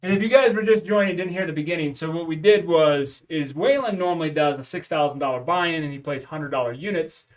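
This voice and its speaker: A man's voice: fairly high pitch, fairly quick, hardly any pauses, distant mic. A man casually chatting on a live stream at home while practicing craps, calling out rolls and bets.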